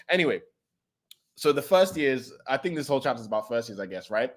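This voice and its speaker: A man's voice: mid-range voice, expressive, fast talker. A man casually reading manga chapters aloud and reacting, laid-back and slangy, stumbling over harder words.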